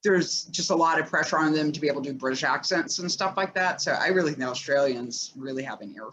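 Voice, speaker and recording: A woman's voice: low-pitched, fast, a bit bright, a little hiss or hum. A woman co-hosting a casual chat and reading listener questions, talking chattily with many "like" fillers.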